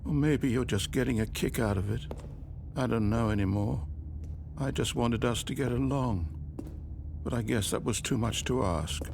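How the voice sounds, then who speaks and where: A man's voice: fairly low pitch, gravelly, background noise. An actor voicing a pleading, wounded narrator figure in a video game, his lines played from the game. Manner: pleading, sorrowful, then gushing. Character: British male narrator, pleading, wounded, fussy.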